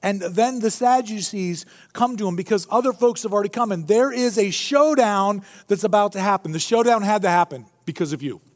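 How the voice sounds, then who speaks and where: Animated high-voiced male preacher. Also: fairly quick, few pauses. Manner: animated, joking storyteller. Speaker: pastor. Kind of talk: sermon. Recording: long hall reverb.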